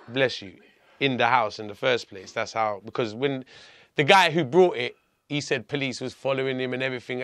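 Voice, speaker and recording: A man telling a personal story as a podcast guest, blunt and animated, often restarting his sentences. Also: medium pitch, no echo.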